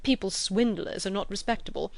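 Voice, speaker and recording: A woman reading aloud, voicing a fussy, excitable older gentleman who frets and gushes. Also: fairly quick, vocal fry, no echo, close to an everyday voice. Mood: excited, fretful. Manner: fretful, gushing, high and animated.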